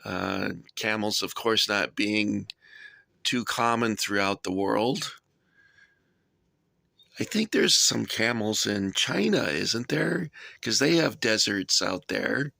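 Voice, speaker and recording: A man's voice: lowish voice, lively intonation, slow, gravelly, bright, forceful tone, no echo, clean studio sound. A middle-aged man hosting a casual vlog, rambling and self-deprecating as he shows off his toy soldier collection. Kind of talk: casual show-and-tell vlog.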